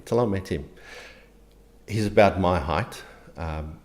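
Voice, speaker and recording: A middle-aged man from South Africa with a South African accent, an interview guest speaking earnestly and haltingly, with frequent restarts. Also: low voice, darkish tone. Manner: earnest, halting, many restarts and repeated words. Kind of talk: conversational interview.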